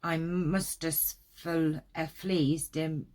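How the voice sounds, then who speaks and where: A woman voicing a sassy, quick-witted male rabbit in folksy dialect, read from an old storybook. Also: sits low, little pitch movement, a little mellow.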